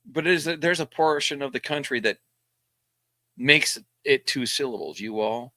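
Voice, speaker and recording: A man's voice: mid-range voice, moderate pace, sharp tone, no room sound. A man, a bit tipsy from whiskey, rambling and stammering as a guest in a casual live stream chat.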